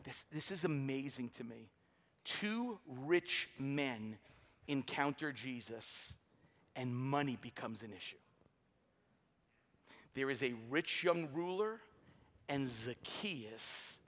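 Middle-aged man, pastor, emphatic sermon, sharp voice, reverberant hall. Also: mid-range voice. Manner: energetic, emphatic preaching with humor. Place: large church hall.

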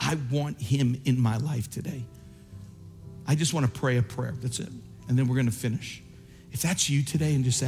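A male pastor preaching a sermon and altar call, passionate and repetitive, swinging from soft pleading to shouting. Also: medium pitch, moderate pace, long reverb tail, faint music behind. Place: large church.

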